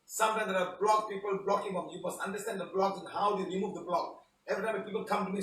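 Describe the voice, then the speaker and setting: Guy running a live healing class, keeps saying okay guys, kinda high voice, mic far off. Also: fast talker, a bit bright, reverberant, slight background noise. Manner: chatty, repeats "okay, guys". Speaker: healing teacher. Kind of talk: live online healing session. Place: studio under a spotlight.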